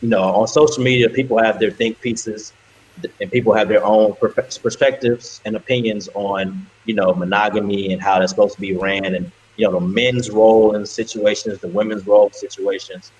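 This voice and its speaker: A man's voice: fairly low pitch, steady tone, normal speed, a little mellow, poor audio. A man on a casual talk show introducing a topic hesitantly, full of "you know" and "uh". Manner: hesitant, lots of fillers. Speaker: show co-host.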